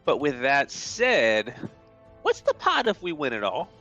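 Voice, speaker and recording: A man playing a tabletop game, with a bright voice that jumps all over. He jokes around in casual banter. His mic sounds dull and lo-fi. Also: mid-range voice, a little slow, faint music behind. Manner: joking and animated. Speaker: player.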